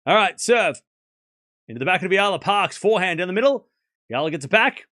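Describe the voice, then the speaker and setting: A man with a high, ringing voice hosts a live tennis watchalong. His pitch jumps around a lot as he calls each point in a chatty play-by-play, thanks donors and breaks into laughter. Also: a little fast. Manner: chatty play-by-play, reads out donations; laughs often, excitable. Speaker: tennis stream host.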